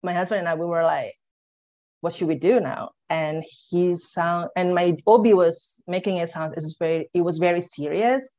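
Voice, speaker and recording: A woman's voice: fairly low pitch, normal speed, darkish tone. A young woman telling her own story as an interview guest. She acts out what she and others said and leans on filler words. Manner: loose phrasing with many "like" and "you know" fillers. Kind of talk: personal storytelling in conversation.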